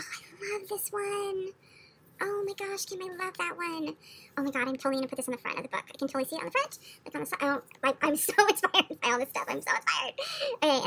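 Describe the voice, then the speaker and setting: A woman hosting a casual craft unboxing, gushing and exclaiming over each item and sometimes dropping to a hushed near-whisper. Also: sits high, a little hiss or hum. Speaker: craft channel host.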